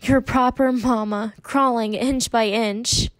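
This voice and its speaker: A woman reading as a soft, reassuring mother. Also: a little high, slow, dry recording. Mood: soothing. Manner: soft, steady, self-deprecating. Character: gentle, injured mother, calm and reassuring.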